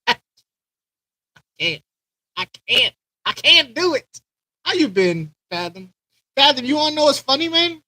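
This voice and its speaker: A man's voice: extremely high pitch, very animated, a little slow, pauses often, sharp tone, dry recording, rough recording. A man hosting a live stream, chatting loosely with viewers, rambling and repeating himself as he greets them by name. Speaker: aquarium channel host.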